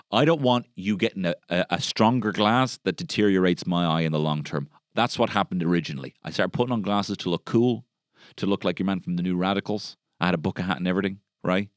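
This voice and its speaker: Deep-voiced Irish man, rambling comic monologue. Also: fairly quick, dry recording, studio quality. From Ireland. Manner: rambling, sardonic, swears freely, mock American voices. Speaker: comedian podcast host. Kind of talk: solo comedy podcast monologue. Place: podcast studio.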